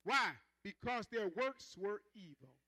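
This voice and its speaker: A man preaching a sermon, stretching out key words and having the congregation repeat after him, then dropping to low asides. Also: animated. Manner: emphatic, drawn-out stresses, calls on the congregation to repeat; swings between loud proclaiming and low soft asides.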